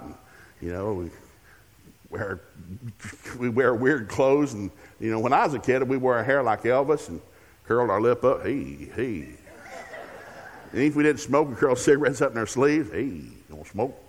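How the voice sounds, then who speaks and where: Older preacher telling jokey family stories. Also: male voice, medium pitch, in a large hall. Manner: humorous storytelling with acted-out dialogue. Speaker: guest preacher. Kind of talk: sermon. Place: church sanctuary.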